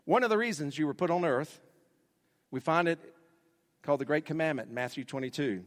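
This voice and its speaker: A man's voice: a little high, animated, a little fast. A male pastor delivering a sermon, building emphasis through repeated phrases. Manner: preaching with rising emphasis and repetition. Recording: long hall reverb.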